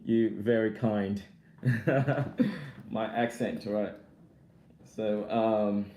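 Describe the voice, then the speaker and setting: A man's voice: fairly low pitch, very slow, long pauses, dark tone, roomy sound, a little hiss or hum. A young man chatting casually while unboxing a laptop, rambling and laughing as he answers viewer comments. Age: young adult. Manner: laughs often between remarks. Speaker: vlogger. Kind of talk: casual live-chat unboxing.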